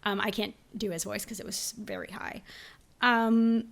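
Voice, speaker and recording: A woman's voice: mid-range voice, steady tone, unhurried, creaky. A woman in her twenties co-hosting a podcast, telling a story in a rambling, self-interrupting way and swearing freely. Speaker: podcast co-host. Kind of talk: casual chat.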